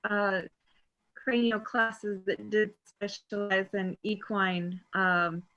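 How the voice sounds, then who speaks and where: Woman talking slow and even in a group chat, lots of ums, muffled lo-fi audio. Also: mid-range voice. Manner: measured, hesitant with frequent ums. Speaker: group participant. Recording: dull lo-fi sound.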